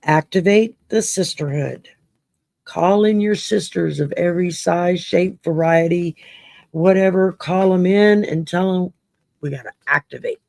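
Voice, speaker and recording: A Louisiana woman with a Cajun accent hosts a casual late-night stream, reading cards for viewers amid salty jokes and cussing. She swears freely and laughs often, and her low voice has vocal fry on a dry recording.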